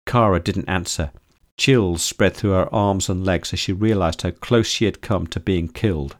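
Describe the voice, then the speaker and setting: Deep-voiced male audiobook narrator. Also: normal speed. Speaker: author and narrator.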